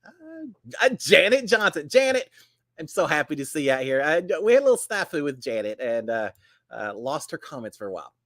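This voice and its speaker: Guy chatting on a live stream, folksy, bouncy lively voice, dry sound. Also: fairly high pitch, brisk, dry recording. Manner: folksy, animated, greets viewers by name. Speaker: livestream host. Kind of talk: casual live-stream chat.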